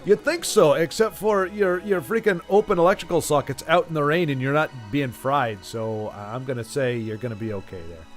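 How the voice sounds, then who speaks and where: A man with a somewhat high voice makes casual, wry comments as he plays through a game. Soft game music runs underneath his talk. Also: normal speed, few pauses. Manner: sarcastic, joking asides. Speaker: let's play streamer.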